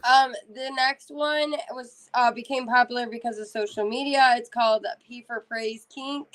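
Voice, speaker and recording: A woman's voice: on the high side, steady tone, moderate pace, a bit bright, low-quality recording. A woman co-hosting a podcast, reading out definitions in a matter-of-fact way. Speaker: podcast co-host. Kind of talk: reading list items aloud.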